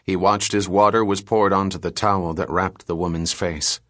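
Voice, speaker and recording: A man narrating an audiobook thriller in a steady, measured storytelling manner. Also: sits low, no echo, studio quality.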